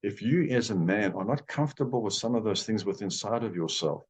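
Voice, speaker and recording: Male guest, low voice, lively teaching delivery, acts out scenes. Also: fairly quick, slightly rough. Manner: animated, acts out dialogue. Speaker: guest speaker. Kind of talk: teaching conversation.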